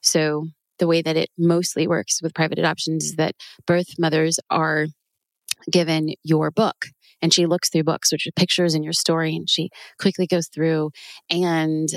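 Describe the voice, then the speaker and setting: A woman's voice: low-pitched, little pitch movement, moderate pace, dry recording. A woman guest on a podcast, telling a personal story earnestly and emotionally, often restarting her words, recorded in a studio. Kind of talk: candid interview storytelling.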